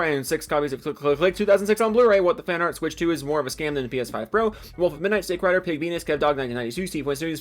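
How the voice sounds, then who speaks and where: Fast-talking young man reading off names. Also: fairly high pitch. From Seattle area, USA. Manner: rattles off names quickly, swears and jokes at himself. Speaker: YouTuber reading supporter names. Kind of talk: rapid-fire name reading with comedic asides.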